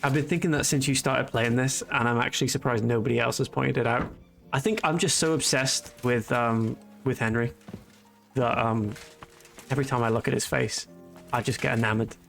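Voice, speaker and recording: A man's voice: mid-range voice, fairly even intonation, brisk, vocal fry, fairly bright tone, soft background music. A man giving joking, rambling live commentary over a game. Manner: joking, rambling, cheeky asides. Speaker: streamer. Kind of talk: casual live stream commentary.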